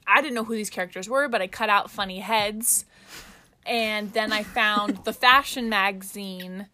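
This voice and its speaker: A woman's voice: medium pitch, moderate pace, sharp tone, a little hiss or hum. A woman co-hosting a podcast in casual chat, playful and giggly, trying out silly accents. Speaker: podcast co-host.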